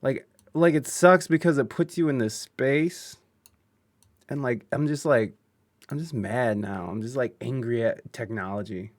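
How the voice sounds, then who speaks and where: A male podcast host talking slowly over a video call, venting and swearing as he rambles through his setup. The sound is dry and close, with no room around it. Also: medium pitch, no room sound. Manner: frustrated, swearing, rambling with fillers. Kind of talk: casual live-stream chat.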